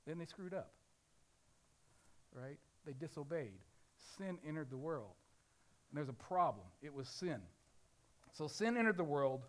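Delivering a sermon at a moderate pace with long pauses, this Ozarks pastor has a fairly high, animated voice. He alternates loud emphasis with quiet lines, asks his congregation rhetorical questions, and imitates a crying baby.

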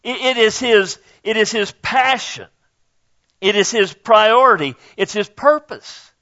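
Older pastor, casual preaching, higher voice, muffled recording. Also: male voice, measured pace, pushed and bright. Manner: folksy, conversational preaching with asides to the congregation. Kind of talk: sermon.

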